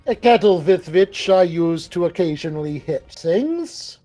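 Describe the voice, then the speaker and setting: Man, player at a tabletop game, high voice, chatty and joking. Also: animated, dark tone, faint music behind. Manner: chatty, quick, laughing asides, stammering restarts. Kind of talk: casual tabletop play.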